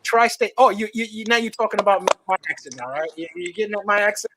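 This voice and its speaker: High-voiced New York man hosting. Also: quick pace, noisy background. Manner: teasing, stammering restarts. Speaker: livestream show host. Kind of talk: casual call-in chat.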